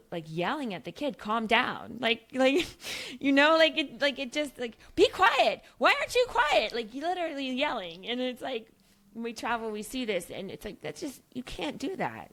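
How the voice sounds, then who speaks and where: A woman's voice: fairly high pitch, a bit bright. A middle-aged woman, a guest author on a podcast, talking through her ideas animatedly, with frequent restarts and tag questions. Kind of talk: podcast conversation.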